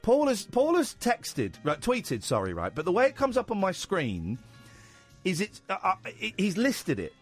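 A man's voice: high-pitched, wildly swooping pitch, normal speed, slightly rough, soft background music. A man, hosting a late-night radio phone-in with rambling, teasing banter. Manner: jokey, rambling, teasing callers. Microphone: studio microphone.

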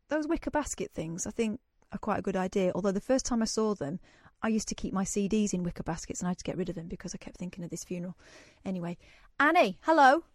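A woman's voice: fairly low pitch, gravelly, dark tone, breathy edge, no echo, clean studio sound. A woman hosting a radio show, chatting casually and reading news aloud with joking asides. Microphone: studio microphone.

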